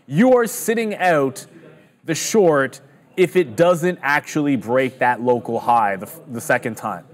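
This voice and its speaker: A man's voice: mid-range voice, lively intonation, measured pace. A man giving a trading lesson in an emphatic, instructive way. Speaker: trading educator.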